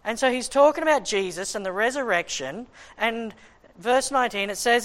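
Speaking at an extremely high pitch, a male preacher delivers a sermon teaching from the Bible. Scripture is read at a slow pace, broken up by animated asides where he plays out the questions his audience might ask.

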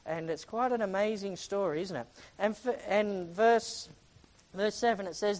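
A preacher with a mid-range voice teaches from a Bible passage, reading scripture aloud and then retelling it as a dramatic story. The delivery leans on rhetorical questions and swings between loud, bright passages and hushed asides. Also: mid-range voice, a little slow, poor audio.

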